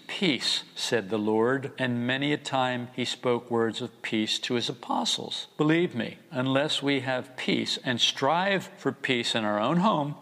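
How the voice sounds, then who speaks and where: A man's voice: mid-range voice, fairly bright tone. A man preaching a conversational, wry sermon, often acting out the voices he quotes. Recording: long reverb.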